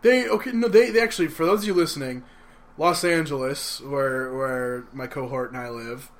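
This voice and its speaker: A young man co-hosting a podcast in casual chat, excitable and swearing freely. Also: mid-range voice, moderate pace. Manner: excitable, swears freely, stumbles over words. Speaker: podcast co-host.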